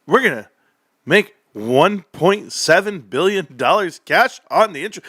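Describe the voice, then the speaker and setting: Hyped guy ranting stocks on his stream, bright voice, jumps high then drops low, swears and laughs a lot, dry close mic. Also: moderate pace, dry recording. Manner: swings between loud excited outbursts and low muttered math. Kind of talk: excited livestream rant.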